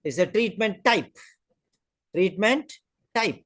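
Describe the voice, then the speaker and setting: A man's voice: high-pitched, lively intonation, slow pace, a bit bright. A man teaching a listening-test class online, explaining each step and repeating key phrases over a video call. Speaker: English test tutor.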